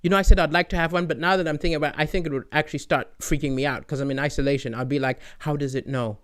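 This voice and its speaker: A male comedian host telling jokes in an animated stand-up storytelling style, with frequent "right?" and big swings in loudness. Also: on the high side, racing.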